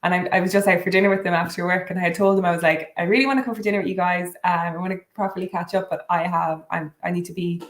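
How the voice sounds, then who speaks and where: A woman's voice: on the low side, steady tone. A woman chats casually and bubbly during a whiskey tasting. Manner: bubbly, rambling, quick asides. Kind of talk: casual chat, livestream tasting. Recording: echoey room.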